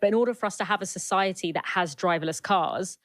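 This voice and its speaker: A woman's voice: lowish voice, fast talker, fairly bright tone, no echo. A woman guest in a casual conversation, rambling with lots of "like" as she makes her point.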